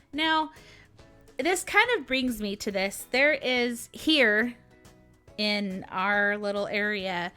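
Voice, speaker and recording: A woman's voice: mid-range voice, sharp tone. A woman with a Southern US accent hosting a casual vlog, ranting animatedly with sarcastic asides and frequent laughs. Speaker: vlog host.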